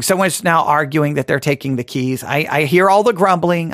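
A man's voice: fairly high pitch, normal speed, vocal fry, few pauses, fairly bright tone, no echo, clean studio sound. A man hosting a casual Christian podcast, talking in a rambling, self-deprecating way with many restarts. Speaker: podcast host.

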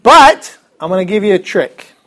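High-voiced upbeat man teaching a class. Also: big pitch swings, normal speed, fairly bright tone. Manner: upbeat, chatty, joking asides. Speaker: Greek teacher. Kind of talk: classroom lesson.

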